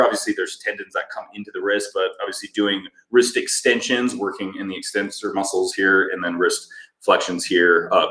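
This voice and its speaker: A man's voice: on the low side, a bit bright, echoey room. A man co-hosting a fitness channel, casually answering viewer comments and explaining exercises with lots of fillers. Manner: easygoing, explanatory, many fillers.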